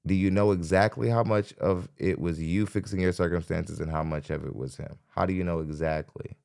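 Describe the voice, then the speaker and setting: A man's voice: low-pitched, steady tone, fairly quick, vocal fry, a little mellow, clear, resonant tone. A man hosting a live podcast, giving skeptical, rambling reaction commentary with frequent restarts. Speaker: podcast host.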